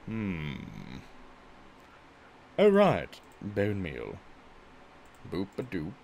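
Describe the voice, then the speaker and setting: A man's voice: low voice, wildly swooping pitch, extremely slow, vocal fry, a little mellow, a little hiss or hum. A male streamer chatting casually while he plays a game, exclaiming at it and saying he gets stuck in a put-on voice. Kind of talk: casual gameplay chat.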